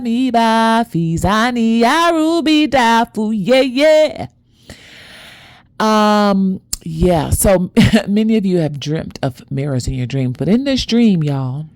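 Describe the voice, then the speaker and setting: A woman hosts a spiritual talk to her viewers, speaking intimately and conversationally. Her voice sits low for a woman. The sound is dry, with no room echo. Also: gravelly, mellow. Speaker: spiritual vlog host.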